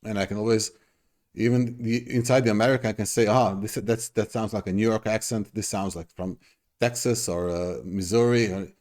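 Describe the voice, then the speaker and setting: A man's voice: lowish voice, steady tone, brisk, a little mellow. A middle-aged man hosting a reaction video, talking casually in an effusive, rambling way with many restarts.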